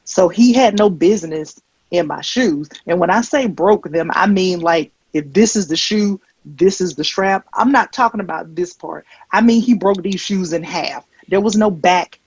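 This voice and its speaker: A woman comedian performing a stand-up set, telling stories with deadpan, wry asides into a handheld stage mic. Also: fairly low pitch, moderate pace, husky, no room sound, highs cut off. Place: comedy stage before a live audience.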